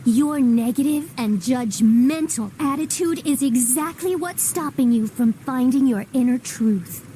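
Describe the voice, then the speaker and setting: An actress voicing a calm, preachy female mermaid hippie leader in a cartoon. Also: high voice, measured pace, hardly any pauses, a little hiss or hum. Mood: serene.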